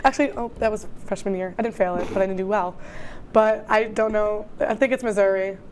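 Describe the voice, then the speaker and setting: A woman's voice: mid-range voice, steady tone, fairly quick. Chatty young woman co-hosting. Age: young adult. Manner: chatty, rambling, many "like" fillers. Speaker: student co-host. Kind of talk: casual chat. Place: campus TV studio.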